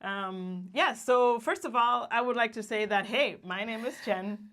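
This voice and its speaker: A woman's voice: a little high, unhurried, fairly bright tone. A woman from Guatemala co-hosting a casual livestream, cheerful and laughing often as she greets viewers by name. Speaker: livestream co-host.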